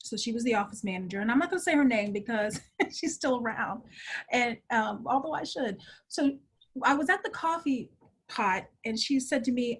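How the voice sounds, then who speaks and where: A middle-aged woman with a husky, fairly high voice tells her story in a lively interview. She acts out the people she quotes and keeps the flow conversational. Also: normal speed. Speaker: guest.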